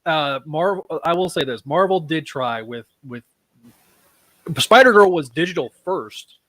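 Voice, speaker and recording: A man in a casual group video call, talking in halting, emphatic bursts. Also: a little high, lively intonation, fairly bright tone, dry recording.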